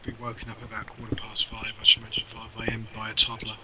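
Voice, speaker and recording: A man's voice: lowish voice, completely flat delivery, quick pace, background noise. A man with a southern English accent chatting casually with gaming friends, rambling through anecdotes. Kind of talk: casual chat.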